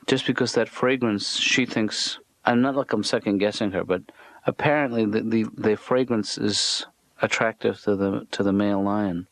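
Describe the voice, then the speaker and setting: An actor playing a mild-mannered middle-aged therapist in a cartoon, talking softly and dryly with small hesitations. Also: male voice, lowish voice, fairly even intonation, normal speed, no room sound. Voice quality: soft-spoken, dry, hesitant. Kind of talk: cartoon sitcom dialogue.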